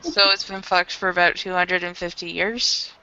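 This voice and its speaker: A woman narrating a tabletop role-playing game as game master, describing scenes in a measured way, on a dull lo-fi recording. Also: lowish voice, steady tone, sharp tone, clean tone.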